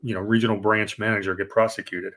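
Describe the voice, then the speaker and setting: A man's voice: fairly low pitch, flat delivery, fast, a bit bright. A man co-hosting a podcast, explaining banking history casually, with fillers and restarts. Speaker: podcast co-host.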